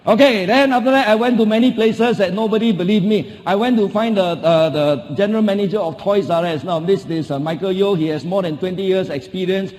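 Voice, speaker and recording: A man's voice: high voice, a little fast, hardly any pauses, darkish tone. A middle-aged man with a Singaporean English accent giving a motivational keynote, emphatic, repeating key phrases and throwing rhetorical questions at the audience. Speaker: motivational speaker. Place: large conference hall. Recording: long hall reverb.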